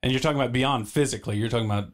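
A man hosting a live stream in a relaxed, easygoing way, prompting his guest with questions. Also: mid-range voice, very fast. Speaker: stream host. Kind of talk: casual stream chat.

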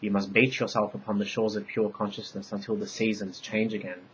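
A man voicing an ancient all-knowing divine queen, part bee, speaking in solemn, measured pronouncements. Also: lowish voice, little pitch movement, a bit bright, dull audio, slight background noise, natural voice.

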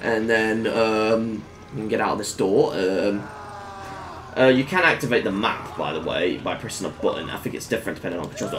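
A man giving casual let's-play commentary on a game, breaking into excited exclamations. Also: fairly low pitch, a little fast, a little hiss or hum. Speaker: gameplay commentator.

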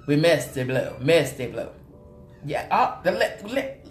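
A woman's voice: medium pitch, slow pace. A woman hosting a live makeup tutorial, chatting with her viewers as she works and calling them honey and sugar. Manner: animated and chatty, greets viewers with terms of endearment. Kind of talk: live-stream chat with viewers while demonstrating makeup. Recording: roomy echo with faint music behind.

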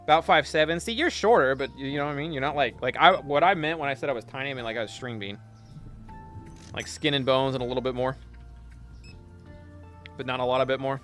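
A man's voice: mid-range voice, fast talker, long pauses, a bit bright, soft background music. A young man streaming a game, chatting casually and telling a profane story while reading chat.

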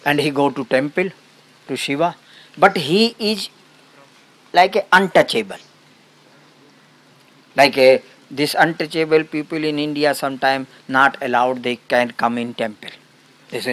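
A man as a spiritual teacher, giving a satsang talk and telling a story in simple, broken English with short, halting phrases. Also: on the high side, fairly bright tone.

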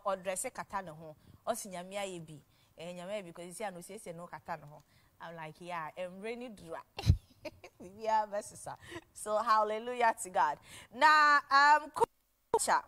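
A woman's voice: mid-range voice, sharp tone. A young woman with a Ghanaian accent hosting a TV talk show, chatting casually and animatedly, laughing often and switching languages. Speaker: TV show host. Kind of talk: casual chat mixing English and Twi.

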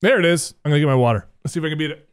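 Casual, swearing gameplay commentator. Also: male voice, a little high, very fast, clear, resonant tone, no room sound. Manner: loose, chatty, swears. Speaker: game streamer. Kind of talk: casual let's play commentary.

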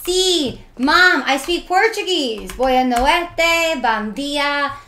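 A bubbly young woman live-streaming a game, her high, bright voice carrying a playful, chatty lilt. She talks at an unhurried pace as she answers her viewers. The sound is roomy, with an echo from the space around her. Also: animated, a little hiss or hum. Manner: bubbly and playful, reads chat aloud.

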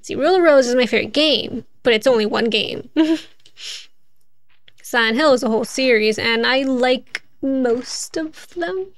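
High-voiced chatty woman streamer. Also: measured pace, dry recording. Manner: chatty, thinks aloud, laughs often. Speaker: game streamer. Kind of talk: casual gameplay commentary.

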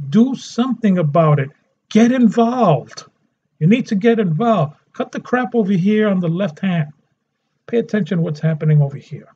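A man's voice: high voice, highs cut off. A man hosting a health channel, delivering a scolding, emphatic rant to his viewers. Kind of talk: ranting monologue.

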